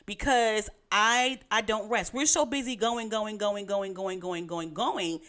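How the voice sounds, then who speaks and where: A woman's voice: medium pitch, a little slow, fairly bright tone. A middle-aged woman with a Brooklyn accent, co-hosting a casual podcast chat, teasing and laughing often. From Brooklyn, New York. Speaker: podcast co-host.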